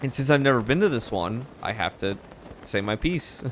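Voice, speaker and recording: A man's voice: mid-range voice, expressive, normal speed, slight background noise. A man giving casual let's play commentary as a video game streamer, chatty, swearing and laughing often.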